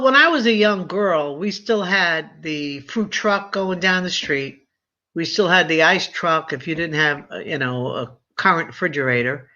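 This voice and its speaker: A woman in her seventies tells stories in casual chat, slipping into lively quoted voices. Her voice is bright and clear in tone. The recording sounds dull and lo-fi. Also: low voice. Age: 70s. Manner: chatty storyteller, animated quoted voices.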